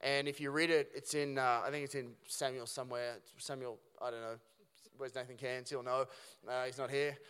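A male pastor preaching a sermon in a relaxed, conversational way, full of rhetorical questions and restarts. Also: medium pitch, normal speed, clear, resonant tone. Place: church auditorium. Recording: church hall with long reverb.

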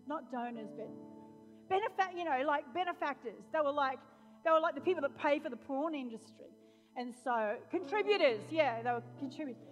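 Woman pastor, high-pitched, sermon in a reverberant church hall with faint music behind. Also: expressive, brisk. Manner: preaching, swinging from loud proclamation to chatty storytelling.

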